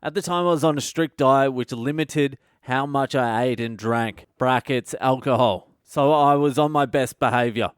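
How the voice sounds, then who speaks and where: A man's voice: medium pitch, normal speed, hardly any pauses, clean tone, no echo, studio quality. An Australian man, a comedian hosting his own podcast, delivering a crude, swearing comedic rant. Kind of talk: comedic monologue.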